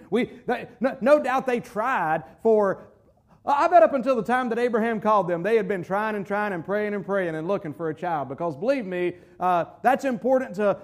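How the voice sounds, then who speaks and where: A man's voice: high voice, darkish tone. A middle-aged man, a pastor, preaching a sermon in a conversational way, with asides and quoted voices.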